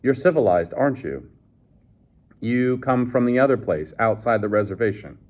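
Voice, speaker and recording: A man's voice: medium pitch, animated, moderate pace, a little mellow, close to an everyday voice. A man reading aloud, voicing an earnest, emotional young man with an old-fashioned way of talking. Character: earnest, anguished young man raised apart. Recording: dull lo-fi recording.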